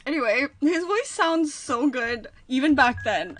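Young woman, live-stream reactor, excitable and giggly, high sharp voice. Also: unhurried, slight background noise. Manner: gushing and excitable, breaks into giggles and squeals.

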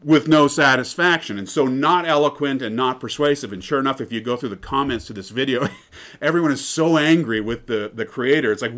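A man's voice: mid-range voice, brisk, a bit bright. A man giving an informal lecture in a chatty, digressive way, often checking in with "right?".

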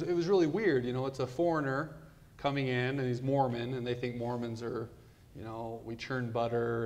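A man in his thirties tells a personal story in a flat, even voice. He often restarts his sentences and drops into quiet asides. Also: medium pitch. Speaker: guest speaker.

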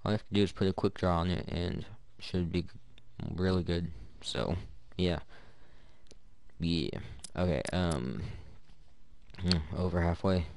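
A man's voice: sits low, fairly even intonation, a little slow, darkish tone. A man giving rambling, joking commentary to himself while opening loot in a video game. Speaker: gaming YouTuber. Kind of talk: casual gameplay commentary.

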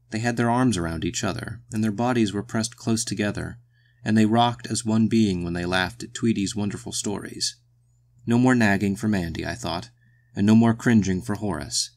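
A man reading a short story aloud in the first person, measured and brooding. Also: on the low side. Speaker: audiobook narrator.

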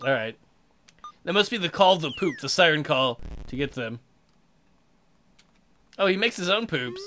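A man hosting a let's play of a video game, excitable, laughing and swearing as he plays. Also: high voice, unhurried, pauses often. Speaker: gaming channel host.

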